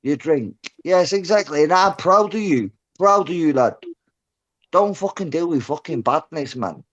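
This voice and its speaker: A man's voice: fairly high pitch, expressive, normal speed, muffled recording. A Scottish man arguing aggressively on a podcast, swearing and threatening. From Scotland. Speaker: podcast guest. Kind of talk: heated argument on a podcast.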